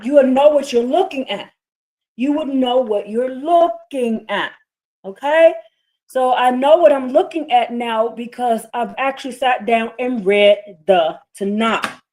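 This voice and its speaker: High-voiced woman preaching with heated emphasis. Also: darkish tone. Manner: emphatic, repeats rhetorical questions. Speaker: livestream host. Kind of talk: religious commentary livestream.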